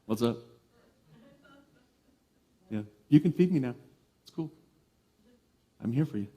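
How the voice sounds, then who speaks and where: A man voicing a pet cat, mellow and unbothered, with an offhand drawl. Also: medium pitch, lively intonation, slow, lo-fi sound. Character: laid-back pet cat, cool and unbothered.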